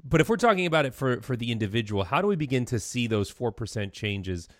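A man hosting a talk show, asking questions in a thoughtful, halting way. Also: mid-range voice, very animated, no room sound, studio quality. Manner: thoughtful, halting, with many restarts. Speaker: radio show host. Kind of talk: conversational interview.

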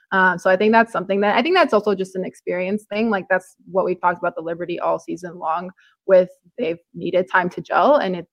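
A woman's voice: fairly low pitch, gravelly, no echo. A young woman from Toronto co-hosting a podcast, chatting casually with lots of "like" and "um". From Toronto, Canada. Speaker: podcast co-host. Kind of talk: casual sports chat.

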